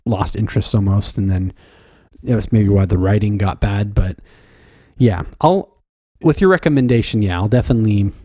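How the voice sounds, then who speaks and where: Mellow laid-back podcast guy, dry sound. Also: fairly low pitch, moderate pace, no echo. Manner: laid-back and rambling, heavy on fillers and restarts. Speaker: podcast co-host. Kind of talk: casual chat.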